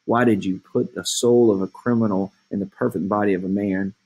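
Man reading as a torn young heroine, husky, low, flat delivery, read from a play. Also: a little fast. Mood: anguished. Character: young woman, lovestruck and torn.

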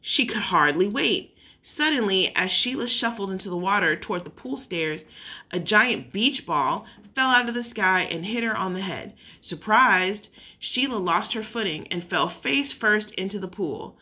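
A woman's voice: mid-range voice, expressive, a little slow, sharp tone. A woman reading a children's story aloud, unpolished, with occasional slips and self-corrections. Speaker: narrator.

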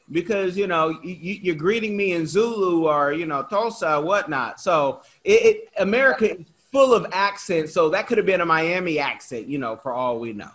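A man from Oakland, California, hosting a podcast interview in a lively, talkative way with many asides. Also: high-pitched, normal speed, faint music behind. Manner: animated and talkative, with frequent restarts and asides. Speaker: podcast host. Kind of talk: casual interview chat.

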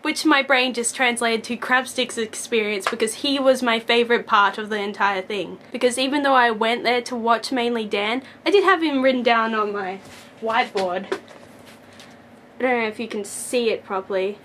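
A young woman rambling excitedly in a casual fan vlog at home, jumping between gushing and poking fun at herself. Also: fairly high pitch, normal speed, slight background noise. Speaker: vlogger.

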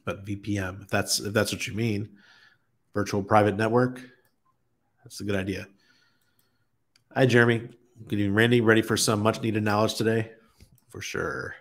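A man's voice: fairly low pitch, moderate pace, pauses often. A man hosting a casual livestream, chatting easily with viewers and chuckling often as he reads their comments. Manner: relaxed, chuckles often, greets chat viewers by name. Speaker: crypto livestream host. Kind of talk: casual live-stream chat reading viewer comments.

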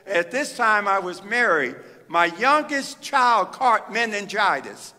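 High-pitched male pastor, slow fervent preaching, reverberant church hall. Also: expressive, bright, forceful tone. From Midwest US. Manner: fervent, drawn-out preaching with pauses. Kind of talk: sermon. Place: church sanctuary.

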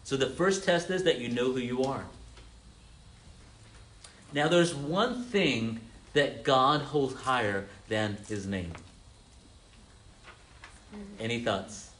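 A male pastor gives an interactive sermon, asking his congregation questions and echoing their replies back. His voice sits at an ordinary middle pitch, with frequent stammered restarts, and a faint hiss sits under the recording. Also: slow, pauses often, a bit bright. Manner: calls on listeners, repeats their answers, frequent stammered restarts.

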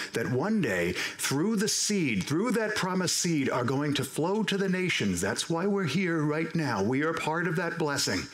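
A man preaching a sermon as pastor, animated and acting out the voices of the people he quotes. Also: a little high. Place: church sanctuary. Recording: roomy church echo.

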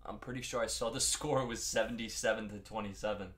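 A man's voice: fairly low pitch, steady tone, quick pace, a bit bright. A young man with a Long Island accent hosting a live card-break stream, chatting casually with viewers by name while opening packs. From Long Island, New York.

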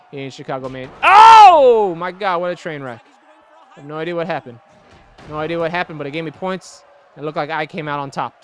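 Man, high voice, very animated pitch, let's play commentary, loud excitable yelling, cursing, faint background noise. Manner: excitable, yelling and groaning at the game, cursing, trash-talking. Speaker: gameplay commentator.

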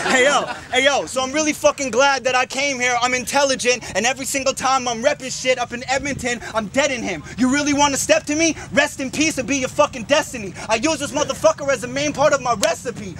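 A high-pitched man spits a brash, profane freestyle in a rap battle out in a park. His lines come loaded with boasts. The recording is noisy, with outdoor sound all around. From Lethbridge, Canada. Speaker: battle rapper.

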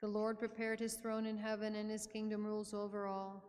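A woman reading psalms aloud in a steady, measured liturgical recitation during a church service. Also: mid-range voice. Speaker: reader of psalms. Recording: long church reverb.

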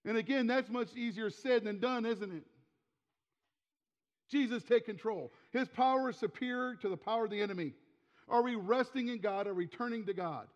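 A man in his forties with a high voice preaches emphatically, repeating words for stress and then falling quiet and close. The recording is dull and lo-fi, and the long reverb of a church hall trails his phrases. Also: fairly quick. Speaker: pastor. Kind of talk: sermon. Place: church sanctuary.

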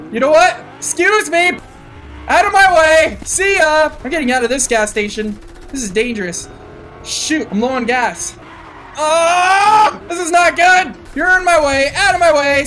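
A man giving chatty let's-play commentary on his own gameplay, excitable and breaking into loud whoops and shouts. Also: very high voice, slight background noise. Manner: chatty running talk to the viewer. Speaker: gaming channel host.

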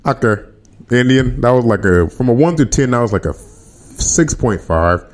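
A man's voice: mid-range voice, normal speed. A man hosting a podcast livestream, chatting casually with his viewers in slang. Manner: animated, slangy, talks to chat. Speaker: podcast host.

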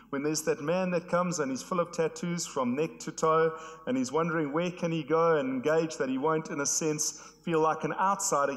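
A hoarse man, preaching an earnest sermon to his church. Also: on the high side, a bit bright. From South Africa. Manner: earnest, repetitive emphatic phrasing. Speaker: pastor. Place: church hall. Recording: long hall reverb.

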